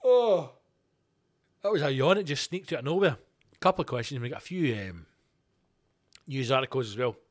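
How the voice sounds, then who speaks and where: A middle-aged Scottish man hosting a podcast, ranting alone in a sweary, animated, storytelling way. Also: medium pitch, fairly quick, long pauses. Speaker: podcast host. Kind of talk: casual solo rant.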